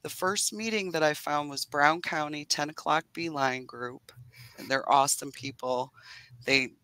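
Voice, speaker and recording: A woman's voice: low voice, measured pace, pushed and bright, dry recording, poor audio. A woman beekeeper talking earnestly and chattily on a video call, laughing often as she tells her story. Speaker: beekeeper guest. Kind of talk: casual video-call interview.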